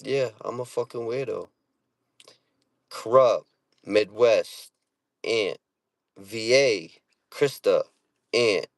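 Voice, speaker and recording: A man's voice: medium pitch, slow, creaky, pauses often, no echo. A middle-aged man with a Boston accent, hosting a casual livestream, reading viewer comments aloud and talking in a streetwise, profane way. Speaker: livestream host.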